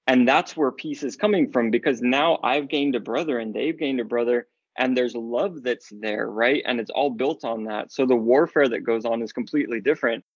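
A man's voice: mid-range voice, normal speed, few pauses, husky, dry recording, lo-fi sound. Earnest man in casual faith chat. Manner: earnest and lively, laughs often. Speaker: podcast guest.

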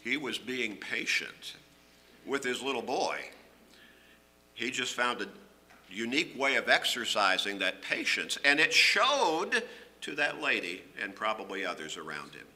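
A middle-aged man preaching a sermon, earnest and emphatic, rising on key phrases and dropping low at the ends. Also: big pitch swings, unhurried, bright, forceful tone.

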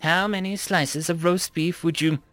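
A man's voice: on the high side, steady tone, a little slow, a bit bright, dry recording, soft background music. A man voicing a smug, overly polite male food-dispenser machine in a story reading. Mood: prim. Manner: prim, customer-service politeness, sly. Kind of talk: story narration.

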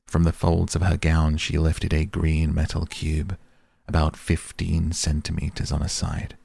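A man narrating an audiobook in a measured, grave storytelling manner, recorded on a close studio mic. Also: a bass voice, monotone, gravelly, warm tone, slightly rough, dry recording. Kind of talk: scripted narration.

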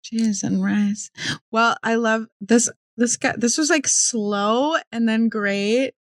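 A young woman hosts a loose, crude chat and giggles often. Her voice sits a little high. The sound is dry and close, with no room echo. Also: slow pace. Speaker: podcast host. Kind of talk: casual chat.

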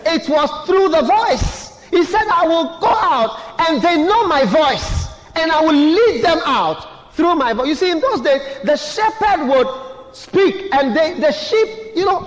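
A man with a strikingly high voice preaches a sermon, pressing his congregation with repeated questions. His words ring out through a large church hall, trailing a long reverb. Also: animated, measured pace. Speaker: pastor.

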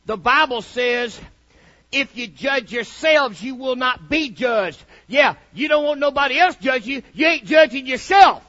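A man preaching a fiery sermon, swinging from shouted lines to low, mocking asides. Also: expressive, unhurried. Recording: dull lo-fi recording.

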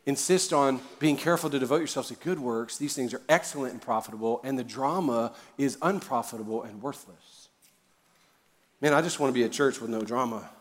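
A man preaching a sermon as a pastor, conversational and joking, with sudden loud emphasis on key words. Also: medium pitch, brisk. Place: church auditorium. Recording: reverberant large hall.

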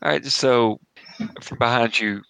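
A man's voice: medium pitch, measured pace, vocal fry, bright, forceful tone, clean tone, dry recording, low-quality recording. A man narrating as game master of a tabletop game, playful and laughing often.

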